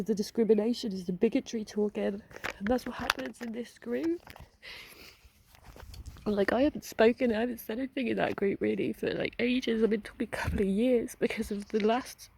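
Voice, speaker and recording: Tearful woman with a gravelly voice. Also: fairly high pitch, dark tone, low-quality recording. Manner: tearful, halting, laughing through tears. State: crying. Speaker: vlogger. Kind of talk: emotional personal vent.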